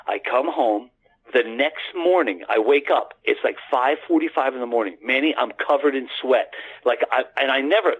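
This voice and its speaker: An American man calls in to a phone-in radio show and tells a long personal story, earnest and rambling, restarting often and calling the host by name. His medium-pitched voice is a little bright with a breathy edge, and the phone line sounds tinny.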